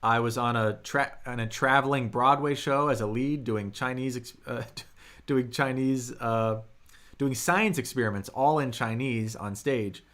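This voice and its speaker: Bright-voiced man teaching a live lesson. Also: medium pitch, a little slow. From United States. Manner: chatty, answers viewers' questions, demonstrates tones. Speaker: Mandarin teacher. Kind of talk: live-streamed language lesson.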